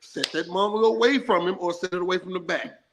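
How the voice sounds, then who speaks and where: Animated former player telling it loose. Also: male voice, high voice, quick pace, over a noisy crowd. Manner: loose, animated storytelling with slang. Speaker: former football player, guest. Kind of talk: casual sports talk.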